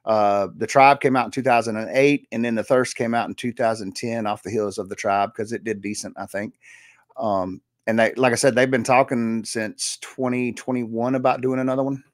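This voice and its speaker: A man's voice: medium pitch, steady tone, normal speed, no echo. A man co-hosts a casual podcast, rambling and restarting as he recalls things. His voice sits in a middle range. The sound is close and dry. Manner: rambling, restarts and quotes favorite lines. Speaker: podcast co-host.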